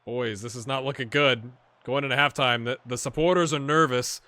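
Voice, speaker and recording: A man hosting a gaming video, chatting and reacting excitedly as he plays a football management game. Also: medium pitch, moderate pace, dry recording. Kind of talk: live commentary while playing a football management game.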